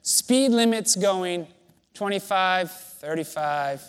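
A man's voice: high voice, slow, clear, resonant tone, in a large hall. A man preaching a sermon, telling a personal story in a conversational, self-deprecating way. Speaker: pastor.

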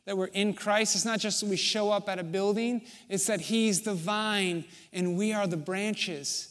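A man preaches in a church sanctuary, his voice sitting notably high for a man. He takes his time, pausing between phrases. At points he builds to emphatic, ringing declarations. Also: steady tone, fairly bright tone. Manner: measured, rising to emphatic in passages, with long pauses. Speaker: pastor. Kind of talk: sermon.

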